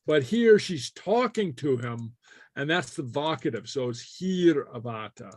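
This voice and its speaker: A man's voice: on the high side, expressive, measured pace, darkish tone, no echo. Man, teacher, casual class, lots of fillers, dry close sound. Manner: hesitant, many fillers and chuckles. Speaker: Gaelic teacher.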